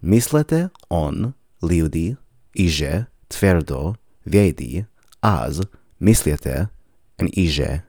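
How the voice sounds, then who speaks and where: Low-voiced guy reading a podcast lesson, lively ups and downs, dry close mic. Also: no echo. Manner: measured, explanatory, spells words out slowly. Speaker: podcast teacher. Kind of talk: scripted lesson narration.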